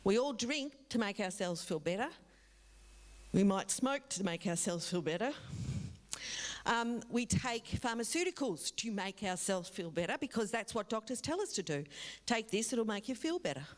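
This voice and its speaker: A middle-aged woman from a drug foundation gives a public talk as a guest speaker, telling a vivid story and addressing the audience directly. She speaks at a normal speed in an animated, medium-pitched voice.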